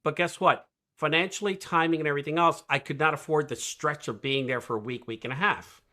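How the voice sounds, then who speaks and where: A man talking as a guest coach on a podcast, energetic and emphatic, asking rhetorical questions and often tagging "right?" onto his points. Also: on the high side, fairly quick. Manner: rhetorical questions, animated storytelling. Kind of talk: podcast conversation.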